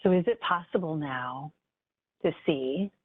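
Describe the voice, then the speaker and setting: A woman hypnotist guiding a client through a session in a slow, soothing way. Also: deep voice, husky, no room sound. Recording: dry phone-like call line.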